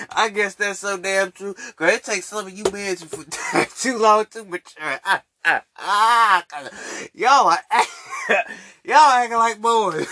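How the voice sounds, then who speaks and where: A man's voice: sits high, bright, forceful tone, no room sound. A man hosting a solo podcast, ranting in a mocking, boastful way with street slang, laughing often between repeated phrases, seated at a stand mic. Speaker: podcast host. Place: seated indoors. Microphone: mic on a stand he keeps pulling down.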